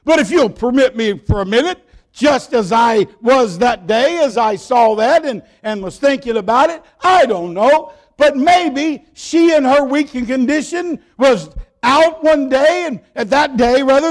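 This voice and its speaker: A man preaching a sermon, telling stories and rising to shouts. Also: very high-pitched. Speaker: pastor.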